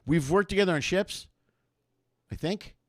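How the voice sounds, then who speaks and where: A man's voice: high voice, measured pace, no echo, clean studio sound. A man in his fifties hosting a live-streamed comedy show, rambling casually with many fillers and greeting viewers by name. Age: 50s.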